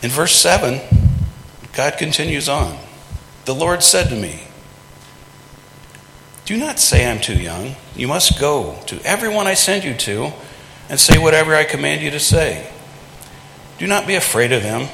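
A man's voice: on the high side, big pitch swings, measured pace, gravelly, pauses often, bright, forceful tone, slight background noise. A man preaching a sermon from the pulpit in a folksy, conversational way, acting out quotes in plain everyday speech. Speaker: pastor. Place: large church sanctuary. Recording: echoey hall with long reverb.

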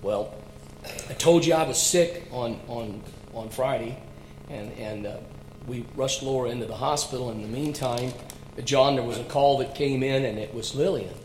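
A man's voice: mid-range voice, normal speed. Earnest man pastor, roomy sound. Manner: earnest, swinging between hushed and loud. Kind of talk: heartfelt storytelling. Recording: roomy sound with faint hum.

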